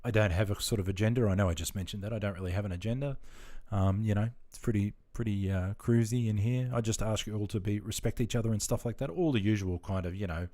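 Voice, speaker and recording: A relaxed Australian man talks loosely to his live chat while he plays. His voice sits fairly low, and he rambles from one thought to the next with plenty of fillers. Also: fast talker, few pauses. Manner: rambling, laid-back, chatting with viewers. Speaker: game streamer. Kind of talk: casual live-stream chat.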